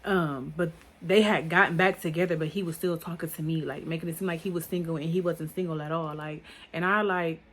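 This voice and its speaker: A woman's voice: low-pitched, fairly even intonation, brisk, hardly any pauses. Rambling young woman telling a storytime. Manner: rambling, filler-heavy talk. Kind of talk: casual storytime monologue.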